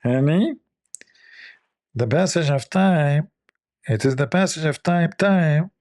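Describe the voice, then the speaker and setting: A woman's voice: low voice, lively intonation, takes it slowly, darkish tone, voice pushed up. A man mimicking a woman politician with a nasal, dreamy, rambling voice. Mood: mocking.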